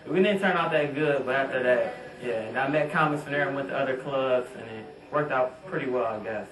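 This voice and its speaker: A man's voice: medium pitch, a little fast, a bit bright. A man and stand-up comedian talking easygoingly and reflectively in an interview about performing. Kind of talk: backstage interview. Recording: roomy sound, distant mic, crowd noise.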